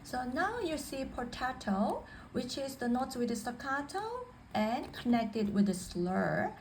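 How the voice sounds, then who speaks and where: A woman's voice: high-pitched, very animated, unhurried, noisy background. A woman teaching piano technique in a patient way, repeating and rephrasing each point. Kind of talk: spoken instruction. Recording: faint piano music behind. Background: piano playing.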